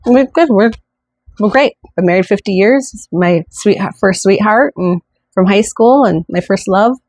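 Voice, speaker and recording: A woman's voice: medium pitch, moderate pace, darkish tone, dry recording, natural voice. A woman voicing a trusting older wife who protests in a flustered, raised voice.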